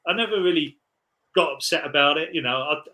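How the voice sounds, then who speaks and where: A man's voice: fairly high pitch, fairly quick, sharp tone, low-quality recording. A man in his forties, a podcast guest, telling rambling, laughing anecdotes in casual chat.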